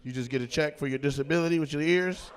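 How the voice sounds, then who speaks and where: A man doing loud, teasing crowd work as a stand-up comedian on a comedy club stage, with a handheld mic. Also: a little high, a little hiss or hum. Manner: loud, teasing, quick-jumping between voices.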